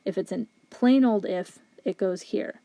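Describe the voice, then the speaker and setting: In this dry recording of a logic lecture, the female philosophy instructor thinks aloud as she steps carefully through exam questions. Her medium-pitched voice is warm, with vocal fry and a measured pace.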